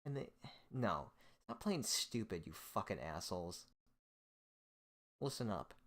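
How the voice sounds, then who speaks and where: Deep-voiced man in a profane, hostile rant. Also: big pitch swings, takes it slowly, fairly bright tone. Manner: hostile, profane, scornful ranting. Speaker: host. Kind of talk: solo rant monologue.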